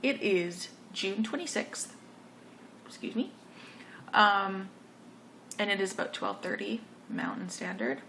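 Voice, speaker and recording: A woman's voice: medium pitch, steady tone, takes it slowly, vocal fry, long pauses, bright, forceful tone, slight background noise. A woman hosting a knitting video podcast, talking casually and rambling through her finished projects. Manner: chatty, rambling, self-correcting. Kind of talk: casual show-and-tell chat.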